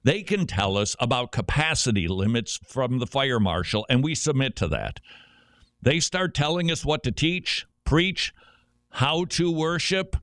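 Male radio talk host, very lively pitch, dry close sound, joking storyteller. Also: measured pace, dry recording. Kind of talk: conversational radio commentary.

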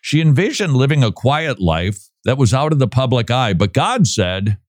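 A man talks with a sarcastic, joking edge and a lively, swinging pitch. He laughs often as he riffs with his co-host. The sound is close and dry. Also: moderate pace, no echo. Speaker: podcast co-host. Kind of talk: casual commentary.

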